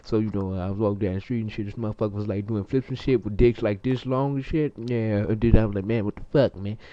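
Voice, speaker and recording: A man's voice: lowish voice, fairly even intonation, quick pace, dark tone, lightly acted. A young man playing a crude, boastful, foul-mouthed character, rambling and stumbling through an improvised comedy monologue. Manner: rambling, profane and stumbling, with many fillers. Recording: muffled lo-fi amateur recording.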